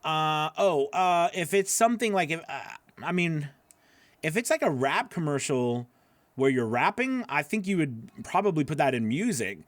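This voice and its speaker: A man's voice: a little high, big pitch swings, normal speed, no echo. A man hosting a live voiceover class, answering viewer questions in a loose, chatty way, with lots of fillers and laughing at himself.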